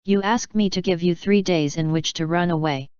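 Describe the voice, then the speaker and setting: A woman's voice: fairly low pitch, moderate pace, darkish tone, clean tone, dry recording, dull audio, lightly acted. A woman reading as a stern, scornful police inspector. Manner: harsh and scornful.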